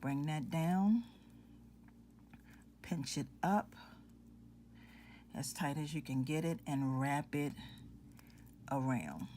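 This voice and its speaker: A woman hosting a jewelry-making tutorial, calmly talking viewers through each step and addressing them as ladies and gentlemen. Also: sits low, slow, pauses often, slight background noise. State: out of breath.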